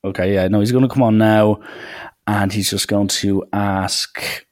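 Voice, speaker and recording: An Irish podcast host tells stories in a casual, chatty way. His voice sits a little low for a man. He fills his talk with "like" and keeps it loose and animated. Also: measured pace. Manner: chatty, animated, full of "like" and acted quotes. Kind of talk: casual storytelling.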